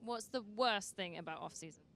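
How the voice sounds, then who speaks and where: Bright-voiced woman hosting. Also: mid-range voice, fairly quick, slight background noise. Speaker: host. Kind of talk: live broadcast chat.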